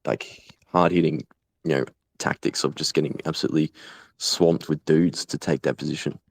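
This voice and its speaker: A young Australian man speaking bluntly in an interview, swearing freely and pausing often with fillers. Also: extremely low pitch, fairly even intonation, gravelly, dry recording. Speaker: guest, volunteer fighter. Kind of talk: casual conversational interview.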